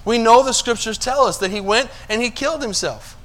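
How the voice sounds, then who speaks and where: High, bright-voiced preaching man. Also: a little fast. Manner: preaching, asks the congregation if they follow; swings between quiet low asides and loud emphatic passages. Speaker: pastor. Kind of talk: sermon.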